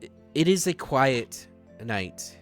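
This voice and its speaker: A man's voice: medium pitch, sing-song, slow, soft background music. A man narrating as game master of a tabletop game, laughing with his players.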